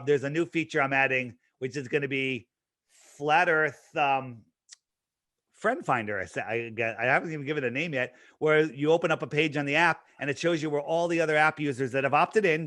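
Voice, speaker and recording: A man's voice: on the high side, brisk, bright, forceful tone, no room sound, clean studio sound. A man speaking as an interview guest, talking casually and emphatically, with lots of restarts and fillers. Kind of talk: casual promotional talk.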